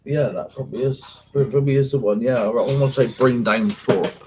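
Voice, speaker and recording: A man's voice: mid-range voice, normal speed, noisy background. A man hosting a livestream for paranormal investigators, telling rambling, sweary stories to his viewers in casual slang. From England. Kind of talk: casual live chat with viewers.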